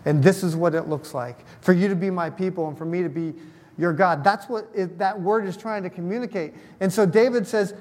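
A man's voice: high voice, a little fast, a little mellow. A man preaching a sermon as a pastor, talking conversationally and putting questions to the congregation. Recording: long hall reverb.

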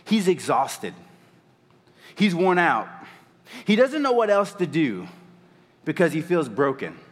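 A man preaching a sermon in a church, retelling a story in an animated, conversational way. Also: fairly high pitch, slow, big-room sound. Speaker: pastor.

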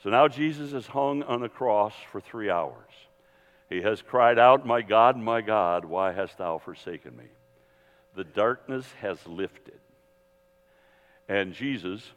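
In a hall with long reverb, a man with a medium-pitched voice teaches a Bible seminar to an audience. His lively sermon style wanders into digressions, with plenty of restarts and asides.

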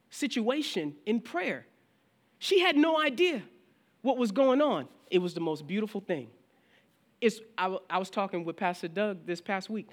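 A male pastor preaching a sermon in a conversational way. He often restarts his sentences, and he acts out questions from his listeners. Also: high voice. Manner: frequent restarts and filler phrases.

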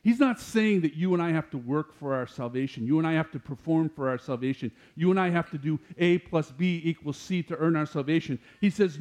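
A man with a high voice preaching a sermon to a congregation. He talks in an animated way and climbs louder and higher whenever he quotes scripture, then drops back down to explain it. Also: brisk, hardly any pauses. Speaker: pastor.

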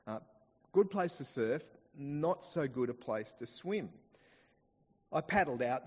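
Australian preacher with a lively voice. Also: male voice, mid-range voice, long reverb tail. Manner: expressive preaching, slows down to stress quoted scripture. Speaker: pastor. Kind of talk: sermon. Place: church.

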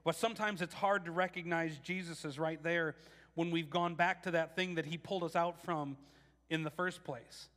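High, bright-voiced man preaching a sermon. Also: normal speed, big-room sound. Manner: casual, animated, with frequent restarts and acted quotes. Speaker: pastor.

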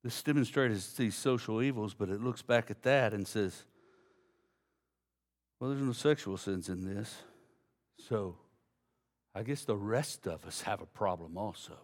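A man preaching a sermon, folksy and direct with the congregation, swinging from low, quiet passages to loud emphasis. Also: a little slow, pauses often. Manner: folksy, addresses congregation as y'all. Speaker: pastor.

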